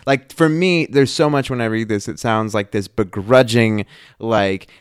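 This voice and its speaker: A man co-hosting a podcast, talking through a scripture passage in casual chat, animated and thinking aloud with many restarts. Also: fairly low pitch, measured pace, clean tone, no room sound, clean studio sound. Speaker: podcast co-host.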